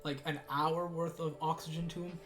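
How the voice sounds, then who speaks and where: A man runs a tabletop game, narrating in a casual, halting way as he hunts for the right words. His voice sits a little high, and music plays under him. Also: level tone, a bit bright. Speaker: game master.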